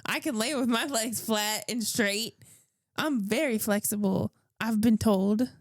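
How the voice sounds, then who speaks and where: A woman's voice: fairly high pitch, unhurried, dry recording, studio quality. A woman co-hosting a podcast, teasing and giggling her way through casual chat. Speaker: podcast co-host.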